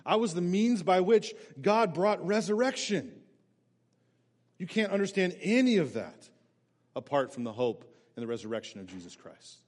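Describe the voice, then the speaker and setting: An earnest apostle pleading his case, voiced by a preacher, urgent and emphatic. The voice sits fairly high and rings through a long church-hall reverb. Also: very animated, moderate pace. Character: earnest apostle defending himself before a king.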